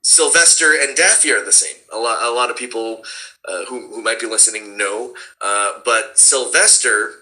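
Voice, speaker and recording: Animated bright-voiced man talking shop. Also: medium pitch, moderate pace, rough recording. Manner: animated, slips into character voices. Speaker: cartoon voice actor. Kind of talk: casual chat.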